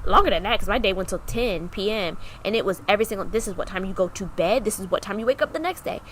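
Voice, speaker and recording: Bright-voiced woman telling a candid story. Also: medium pitch, fast talker, slight background noise, poor audio. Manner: animated, acts out remembered dialogue. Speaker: podcast co-host.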